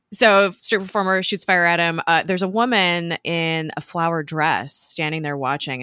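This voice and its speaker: Low-voiced woman recapping a show. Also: pushed and bright, no echo, clean studio sound. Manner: chatty, halting, lots of fillers. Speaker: podcast co-host. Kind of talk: casual chat recapping a TV episode.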